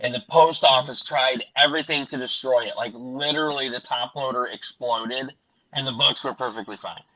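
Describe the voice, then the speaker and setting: A middle-aged man with a mid-range voice hosts a casual panel chat at normal speed, heard through a muffled recording. His delivery is bright and animated as he rambles through anecdotes and laughs along the way.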